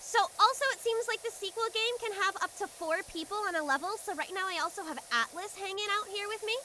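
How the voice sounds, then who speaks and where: A young woman streaming a game, chatting casually and excitably with a friend. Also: very high-pitched, quick pace, a little hiss or hum. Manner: bubbly, excitable, giggly. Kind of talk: casual gaming stream chat.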